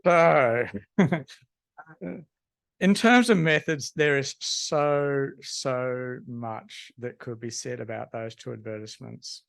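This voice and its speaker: A man giving a university lecture, halting and full of ums. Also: mid-range voice, creaky. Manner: halting, lots of ums and restarts. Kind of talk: academic lecture.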